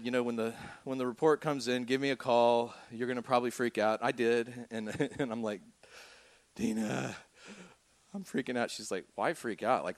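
A man's voice: medium pitch, no room sound. A man, telling a personal story as a pastor. His voice sits in an ordinary middle range, and he slips into other people's voices as he tells it. The recording is dry and close, with hardly any room sound. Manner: animated storyteller who acts out quoted voices.

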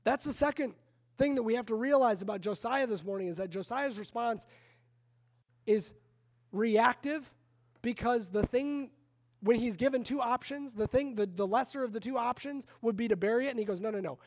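A man preaching a sermon in a conversational, animated way, retelling a story with frequent restarts. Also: very high voice, moderate pace. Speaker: pastor.

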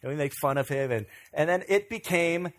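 A middle-aged man from Virginia, a pastor telling stories in a relaxed, self-deprecating way during a sermon. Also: a little high, brisk. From Virginia, USA. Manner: conversational, self-deprecating storyteller. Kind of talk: storytelling sermon.

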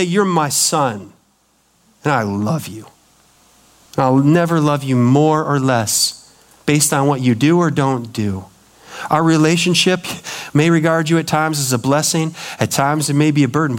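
Animated higher-voiced male pastor. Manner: animated storytelling, acting out quoted voices. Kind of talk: sermon.

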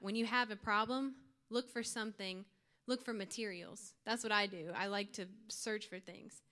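A woman's voice: medium pitch, normal speed, pushed and bright. A young woman giving an earnest, informal youth sermon to her church group, with light laughs. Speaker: youth speaker.

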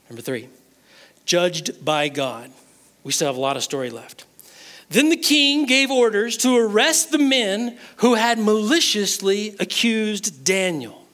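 A man preaching a sermon, retelling a Bible story in an animated way and acting out the characters' words. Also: high-pitched. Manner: animated storytelling, acts out the king's and Daniel's words. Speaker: pastor.

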